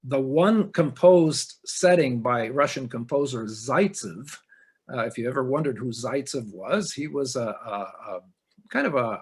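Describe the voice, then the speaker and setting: A middle-aged man giving a measured webinar lecture on church music, explaining carefully with frequent hesitations over a computer microphone. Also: mid-range voice, husky.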